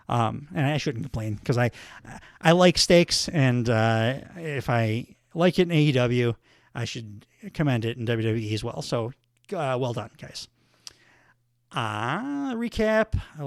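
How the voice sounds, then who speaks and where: A man's voice: medium pitch, clean tone, no room sound, studio quality. A man hosting a solo wrestling recap podcast, talking casually with many fillers. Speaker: podcast host.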